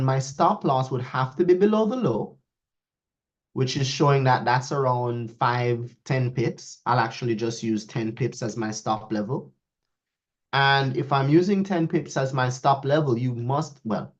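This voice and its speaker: A man teaches trading live, his pitch swinging widely as he talks to his students. He often raises his voice to act out their questions. The recording is dull and lo-fi. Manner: lively, talks to students, quotes askers in a raised voice. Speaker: trading instructor. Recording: dull lo-fi audio.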